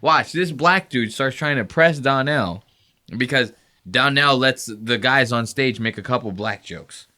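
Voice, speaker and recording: A man hosting a podcast, telling stories in a loose, profane, animated way and mocking people with quick impressions. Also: medium pitch. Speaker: podcast host. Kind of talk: casual podcast banter.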